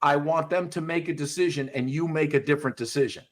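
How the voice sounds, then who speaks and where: A man's voice: on the high side, fast talker. A man who trains dogs, coaching a student in a casual chat, blunt and swearing freely. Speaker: dog trainer.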